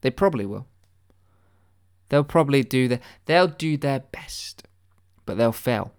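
A man delivering a deadpan satirical conspiracy monologue, mock-earnest and rambling, with stammered restarts and swearing. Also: mid-range voice, unhurried, clear, resonant tone.

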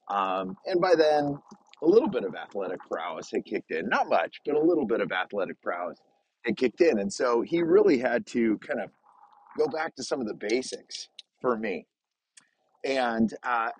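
A man's voice: lowish voice, low-quality recording. A middle-aged man hosting a podcast while out on a snowy walk, upbeat and chatty with plenty of filler words, coming down with a cold. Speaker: podcast host and coach. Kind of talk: casual solo podcast monologue.

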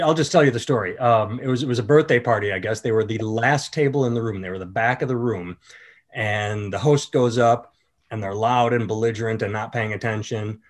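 A man's voice: mid-range voice, moderate pace. Man telling a club story on a podcast. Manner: storytelling, animated when quoting others. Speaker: podcast host and comedian. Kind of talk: casual podcast chat.

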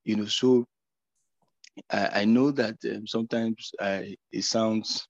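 Halting man on a muffled call. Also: on the low side, steady tone, no echo. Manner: halting, repeats words, earnest. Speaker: participant. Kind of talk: casual faith sharing. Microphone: video call.

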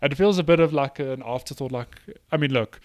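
A man's voice: medium pitch, quick pace, no echo. A man co-hosting a casual podcast chat, chatty and a bit hesitant, laughing often. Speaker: podcast co-host.

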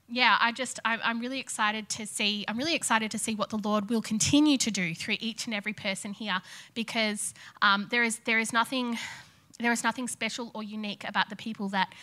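Woman, church testimony speaker, bright tone, excitable and conversational. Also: mid-range voice. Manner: enthusiastic, chatty, laughs between lines. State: pregnant. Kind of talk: testimony sermon. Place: church hall.

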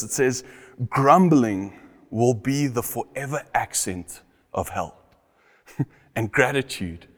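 A man's voice: lowish voice, in a large hall. A middle-aged man delivering a sermon, earnest and fond of repeating his key phrases for emphasis. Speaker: pastor.

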